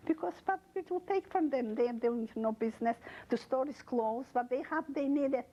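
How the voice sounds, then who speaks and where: An older woman speaks in a husky, breathy voice that sits a little high. She tells her story haltingly in an interview, with non-native phrasing, and she brings in the words of the people she remembers. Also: warm tone, highs cut off. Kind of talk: oral history testimony.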